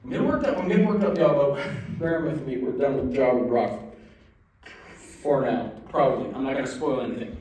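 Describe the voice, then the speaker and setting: Brisk and lively in intonation, a young man's mid-range, slightly mellow voice rants with playful mock outrage on his wrestling show, then apologizes, all as animated solo commentary. The muffled recording comes from an event center room with heavy echo and a distant mic.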